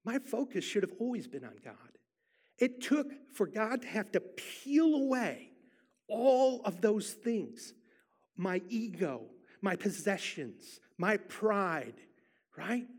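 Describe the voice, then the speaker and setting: Animated high-voiced male preacher. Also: slow. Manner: emphatic storyteller, repeats for effect. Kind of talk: sermon with personal testimony.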